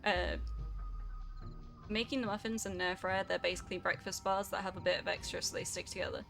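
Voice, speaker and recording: Chatty woman, bright gravelly voice. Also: mid-range voice, fairly even intonation, a little fast, soft background music. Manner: rambling, chatty, filler-heavy. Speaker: game streamer. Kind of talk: casual chat reading stream chat.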